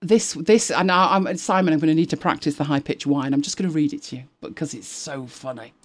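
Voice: medium pitch, brisk, no room sound. A host of a tech live show chatting casually, rambling with frequent restarts and exasperated asides. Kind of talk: casual chat.

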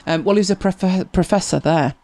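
A brisk, slightly mellow, mid-range voice carries this tech help show host through casual answers to viewer questions. They are talkative, laugh easily, and tend to repeat a word or two when starting.

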